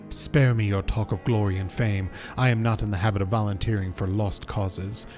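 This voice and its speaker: A man reading the lines of a wary, self-serving sellsword in a game, measured and dismissive. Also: fairly low pitch, fairly even intonation, music in the background, lightly acted.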